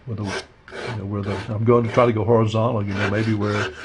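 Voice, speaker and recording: A man teaching a watercolor painting demo, talking through his steps in a relaxed, rambling way with lots of fillers. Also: lowish voice, a little fast, background noise. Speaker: art instructor. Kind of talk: casual painting demonstration.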